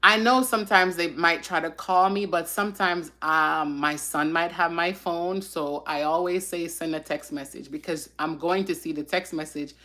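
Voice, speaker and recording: A woman hosting a casual live stream, speaking in a heartfelt, emotional and reflective way, often pausing with sighs and fillers. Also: lowish voice, steady tone, sharp tone.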